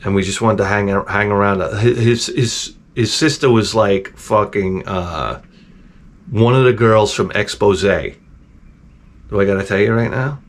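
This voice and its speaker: A man's voice: on the low side, unhurried. A middle-aged man hosting his own channel, telling rambling, profane stories in a casual, digressive way. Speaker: channel host.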